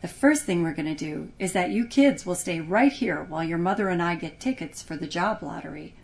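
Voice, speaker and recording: Stern storybook dad giving orders, read by a woman, plain steady delivery. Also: on the low side, fairly quick, vocal fry. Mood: firm. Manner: firm, commanding. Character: firm middle-aged father, stern family man.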